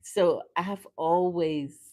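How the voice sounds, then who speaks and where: Slow-talking low-voiced woman host. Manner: animated personal storytelling, laughs often; earnest, faith-filled. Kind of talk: casual chat.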